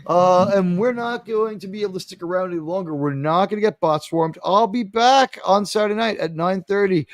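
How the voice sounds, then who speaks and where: A man's voice: sits high, fairly quick, few pauses, no echo, studio quality. A man hosting a casual streamed panel talk show, rambling and joking with frequent laughs. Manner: rambling, jokey, laughs often.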